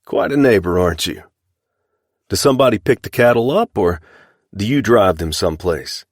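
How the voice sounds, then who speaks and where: A man's voice: fairly low pitch, animated, moderate pace, no room sound, studio quality, pitched above the performer's own voice. A man doing a stern, commanding cowboy. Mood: sarcastic. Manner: commanding, clipped, raised voice. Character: stern young male rancher hand, firm and sarcastic.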